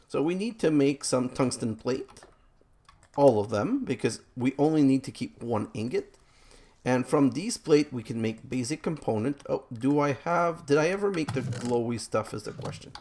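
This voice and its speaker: A man's voice: mid-range voice, creaky, darkish tone. A man giving rambling, self-mocking let's play commentary as he plays a game, groaning about his own mistakes.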